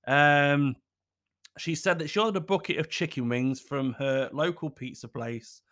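A man's voice: a little high, measured pace, a bit bright. A man, hosting a casual solo podcast from home, cheeky and sweary, laughing at his own jokes. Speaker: podcast host.

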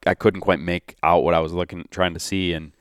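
A man hosting a hunting podcast, excitedly narrating a hunt in casual chat with quoted dialogue. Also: deep voice, brisk, clean tone, dry recording, clean studio sound. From Michigan.

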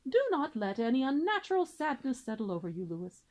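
A woman's voice: sits high, very animated, fairly quick, a little mellow, voice pushed up. A woman reading aloud and voicing a pompous, long-winded male father swan who lectures formally. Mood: comforting.

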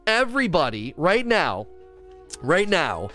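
Animated ranting male game streamer. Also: sits high, takes it slowly, soft background music. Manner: animated, ranting, reads chat questions aloud. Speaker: livestreamer. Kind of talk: casual gaming stream chat.

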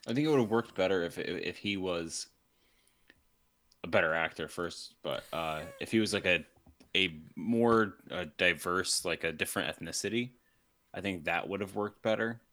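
A man's voice: sits low, moderate pace, sharp tone. A man giving opinions in a casual movie discussion, hesitant and full of "like". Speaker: podcast co-host, movie reviewer.

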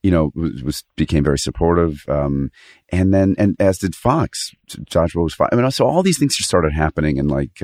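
A man's voice: low-pitched, darkish tone, no echo, studio quality. A man in his forties, a guest actor, chatting casually on a podcast, rambling and cutting himself off mid-thought, swearing freely.

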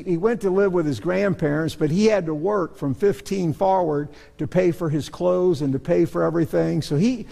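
Preaching in a church sanctuary, a middle-aged pastor whose voice sits high, creaky and somewhat dark recounts stories in a sincere, self-mocking manner. The sound carries long hall reverb.

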